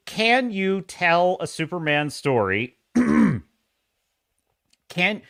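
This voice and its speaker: A man's voice: fairly high pitch, sharp tone, no echo, studio quality. A man chatting casually on a live stream, telling stories with sarcasm, frequent laughs and restarts, and sharing strong opinions.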